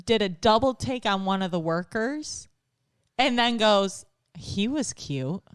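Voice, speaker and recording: A woman's voice: medium pitch, unhurried, clear, resonant tone, dry recording, studio quality. A woman in her thirties co-hosting a casual live podcast, telling stories with lots of giggling. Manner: giggly, animated storytelling. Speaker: podcast co-host.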